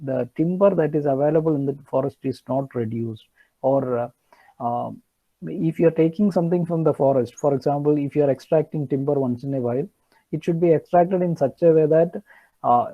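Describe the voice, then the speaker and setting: A man's voice: fairly high pitch, moderate pace, phone-quality sound. A man giving an online engineering lecture, hesitant with many fillers and restarts.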